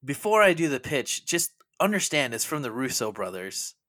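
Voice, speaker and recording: A man's voice: medium pitch, big pitch swings, normal speed, a bit bright, no echo. A man co-hosting a casual movie podcast, chatty and laughing often, with frequent hesitant restarts. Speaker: podcast co-host.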